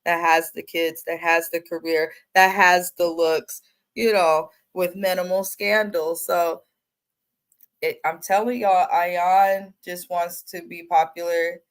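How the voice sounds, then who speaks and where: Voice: medium pitch, level tone, slow, clear, resonant tone. Emphatic, opinionated recap co-host. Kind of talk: casual review chat.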